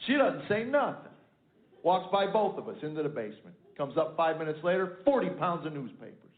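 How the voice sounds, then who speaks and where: A middle-aged man tells a long family story as stand-up comedy, acting out each part of the dialogue and landing wry punchlines. His voice sits high. The recording sounds tinny and echoey, with faint noise underneath. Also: very animated, brisk.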